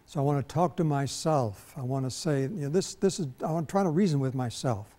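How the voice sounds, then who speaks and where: A man preaching a televised sermon as pastor, rambling slowly with many fillers and restarts. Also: on the high side, dark tone. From Minnesota. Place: TV studio.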